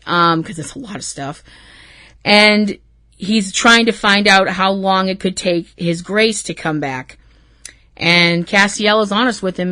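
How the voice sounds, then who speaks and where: A woman's voice: mid-range voice, sharp tone, no room sound. Woman podcast host rambling through a recap, swears a lot, dry close sound. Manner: rambling and emotional, with frequent swearing. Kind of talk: casual episode recap.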